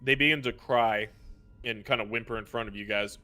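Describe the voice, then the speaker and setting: A man narrating a tabletop role-playing game as game master, chatty and quick to laugh. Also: mid-range voice, steady tone, sharp tone. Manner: laughs often, loose and chatty.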